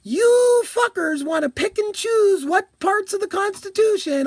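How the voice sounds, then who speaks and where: A woman vlogger delivering an angry, profane political rant, shouting at times. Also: extremely high pitch, lively intonation, unhurried, hardly any pauses, no room sound.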